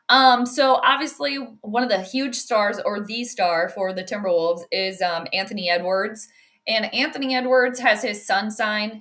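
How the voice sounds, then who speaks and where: Bright-voiced woman host, rambling. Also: mid-range voice. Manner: rambling, many fillers like "um" and "like". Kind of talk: casual sports astrology talk.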